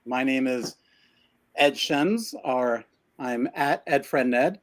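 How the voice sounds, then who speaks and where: A man's voice: mid-range voice, slow. A man co-hosting a live stream from his cluttered home office, out of breath and chatting in a rambling, self-deprecating way. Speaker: co-host of a live creative business show. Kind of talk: casual live-stream chat. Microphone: video call.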